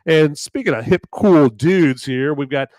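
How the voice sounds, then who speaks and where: A man hosting a live podcast, talking in a hoarse voice in a rambling, jokey way. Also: on the high side, unhurried, darkish tone, no echo. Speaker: podcast host. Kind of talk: live casual chat.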